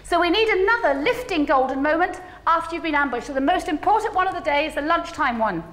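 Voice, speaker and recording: A woman giving a conference keynote, animated and humorous, coaxing the audience to join in. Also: high voice, fast. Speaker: keynote speaker. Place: large conference hall. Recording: echoey hall, faint ambience.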